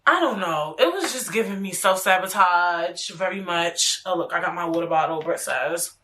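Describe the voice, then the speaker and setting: Bright, animated woman podcaster. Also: on the low side, moderate pace, a little hiss or hum. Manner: animated, profane, frequent slangy asides. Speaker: podcast host. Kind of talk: casual solo podcast monologue.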